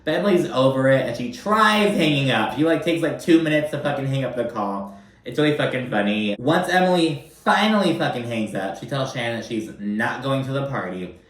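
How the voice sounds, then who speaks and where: A man casually recapping a reality show, sassy and animated, swearing often and acting out what the cast says. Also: mid-range voice, brisk, reverberant, recorded from a distance. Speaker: recap host.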